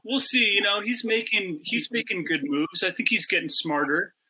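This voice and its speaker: A man, an actor guest on a video-call panel, speaking in an easygoing, measured way. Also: high voice, expressive, sharp tone, slightly rough, poor audio. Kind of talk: casual panel chat.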